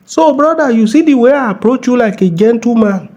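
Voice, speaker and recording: A man's voice: very high-pitched, animated, brisk, darkish tone, exaggerated voice. A man with a Nigerian accent playing a bossy, mocking middle-aged police officer in a comedy skit. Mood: scolding. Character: bullying middle-aged male traffic cop.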